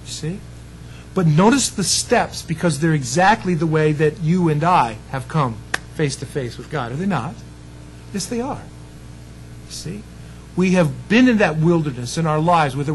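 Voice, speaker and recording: A male pastor preaching in an easy, conversational manner and often asking his listeners to agree. His voice sits a little higher than most men's. A faint hum runs under the recording. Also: animated, normal speed, rough recording. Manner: conversational preaching with frequent "you see" and "amen" asides. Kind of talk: sermon.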